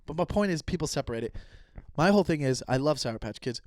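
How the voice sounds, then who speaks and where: Male comic in his 30s, solo podcast host; slightly high voice, loose rambling rant delivery, dead-dry close mic. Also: fast, no room sound. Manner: rambling, animated, swears casually.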